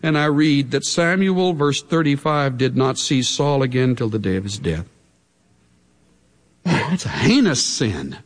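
Animated male preacher in a reverberant hall. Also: medium pitch, measured pace. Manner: emphatic, dramatic, with sudden drops to hushed tones. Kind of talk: sermon.

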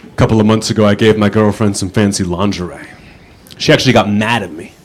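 Dry, low-voiced stand-up comic. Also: male voice, steady tone, fast talker, some chatter behind, slight background noise. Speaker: stand-up comedian. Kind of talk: stand-up one-liners.

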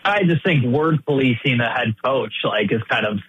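Husky-voiced male radio caller on a muffled line. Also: mid-range voice, lively intonation, moderate pace, dry recording. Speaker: caller to sports radio show. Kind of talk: casual call-in chat.

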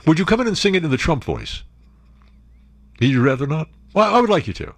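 A man hosting a talk radio show, telling stories in a casual, animated way with frequent laughs, on a studio microphone. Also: on the high side, a little fast, no echo. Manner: animated storyteller, laughs often, restarts.

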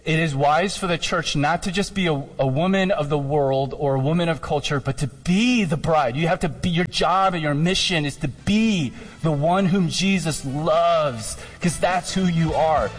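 Male pastor, chatty animated preaching, slightly high voice, church-hall echo. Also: moderate pace, few pauses. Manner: conversational, animated, jokey asides. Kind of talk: sermon. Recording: long hall reverb.

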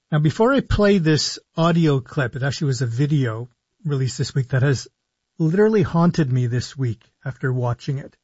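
A man, a physician hosting a live call-in radio show, explaining in a measured way with slow emphasis on key words. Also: medium pitch, darkish tone, no room sound, muffled recording. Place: radio studio.

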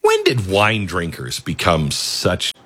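A man's voice: low voice, slow pace, husky, dry recording. Sarcastic guy doing news commentary, voice jumps all over, dry close sound. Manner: animated, sarcastic, laughs often. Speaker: commentary show host.

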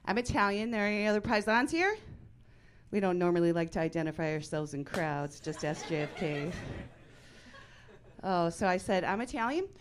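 A woman in her forties works a club stage with a handheld mic, her voice a touch low and dry. She delivers stand-up in a deadpan, punchy way, breaking into sudden loud bursts, with a faint hum of room ambience behind her. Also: moderate pace. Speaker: stand-up comedian. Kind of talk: stand-up comedy set.

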